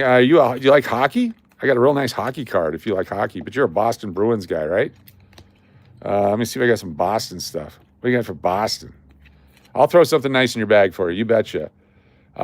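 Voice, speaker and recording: A man with a medium-pitched voice, recorded dry, hosts a casual live stream running coin giveaways. He's chatty and repetitive, calling out viewers and repeating their names as he hands out prizes.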